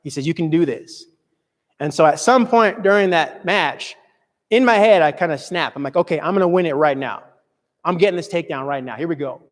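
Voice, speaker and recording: A man's voice: on the high side, a little fast. Earnest man telling a story in a hall. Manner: earnest, dramatic storytelling with sudden loud and soft swings. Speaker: motivational speaker. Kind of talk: storytelling talk to an audience.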